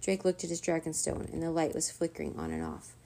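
A woman reading a children's chapter book aloud in a steady, even narrating voice. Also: sits low, fast, slight background noise. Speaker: storyteller.

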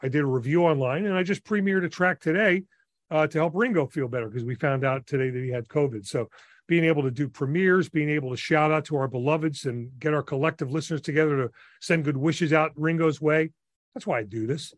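A man in his sixties from New Jersey, a radio DJ telling stories in an enthusiastic, animated way as a podcast guest. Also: a little high, brisk, dry recording, studio quality. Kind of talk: casual interview storytelling.

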